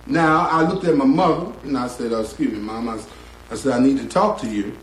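A middle-aged man, a guitarist, telling a story slowly and drawling, acting out the voices of the people in it. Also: on the high side, animated, slight background noise. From North Carolina. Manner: slow, drawling, acts out quoted voices. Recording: roomy echo, guitar behind.

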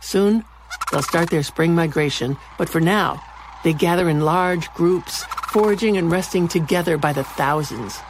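A woman hosting a radio nature segment, reading a scripted narration in a calm, measured way. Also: on the low side, slight background noise. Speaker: radio program host.

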